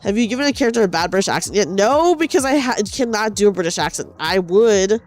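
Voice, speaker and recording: Young woman, casual knitting chat, rambling, self-deprecating, mid-pitched voice, faint music behind. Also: lively intonation, fast talker. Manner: chatty, rambling, self-deprecating, with many restarts. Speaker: streamer.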